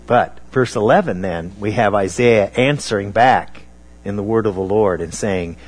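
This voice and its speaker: A man preaching a sermon on scripture, talking in a halting way with many fillers and restarts. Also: lowish voice.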